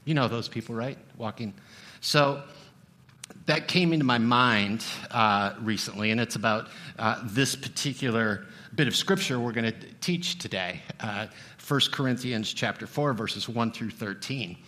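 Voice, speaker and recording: A man's voice: medium pitch, a little slow, pushed and bright. A middle-aged man preaching a sermon as a pastor, talking conversationally and joking with the congregation. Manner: conversational, humorous asides to the congregation.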